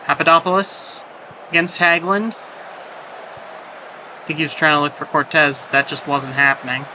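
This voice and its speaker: Calling a simulated soccer match, this play-by-play commentator rambles and jokes between plays, then surges on scoring chances. He speaks unhurriedly in a fairly high, sharp voice, and the low-quality recording has background noise.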